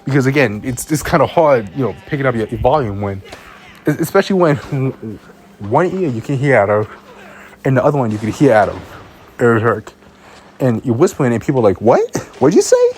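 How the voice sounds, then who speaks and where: A man's voice: medium pitch, lively intonation, fairly quick, a little mellow, slight background noise. A young man, a student filmmaker, telling a rambling, exasperated story in a casual vlog, often stumbling over and repeating his words. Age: young adult.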